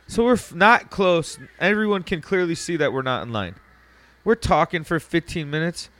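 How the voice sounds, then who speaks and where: A man's voice: fairly high pitch, normal speed. Profane, laughing storyteller man. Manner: profane, laughing, animated retelling. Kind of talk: casual storytelling chat.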